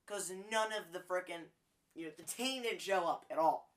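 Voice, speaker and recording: A man's voice: sits high, moderate pace, a bit bright. Guy doing a college football awards segment, loose and jokey, lots of ums. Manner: chatty, jokey, frequent fillers. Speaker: sports podcast host. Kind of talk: casual sports commentary.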